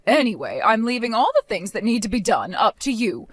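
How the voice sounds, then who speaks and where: A woman's voice: fairly high pitch, very animated, brisk, no echo. A woman voicing a harsh, domineering older mother-in-law who talks in a scornful, insulting way. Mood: bossy.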